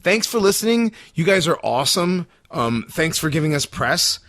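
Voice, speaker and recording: Animated male podcast co-host. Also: fairly high pitch, moderate pace, no echo. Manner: animated, loud storytelling with bursts of laughter. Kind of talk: casual podcast chat.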